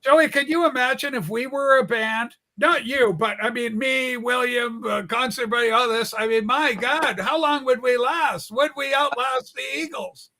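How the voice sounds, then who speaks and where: A man's voice: extremely high pitch, normal speed, few pauses, bright, forceful tone. A man hosting a casual livestream panel chat, teasing his guests in a jokey, theatrical way. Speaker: livestream host.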